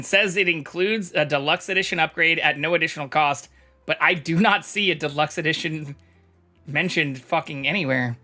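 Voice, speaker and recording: A man's voice: on the high side, bright, forceful tone. A man chatting casually on a live stream, reading chat aloud and swearing freely. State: talking with mouth full.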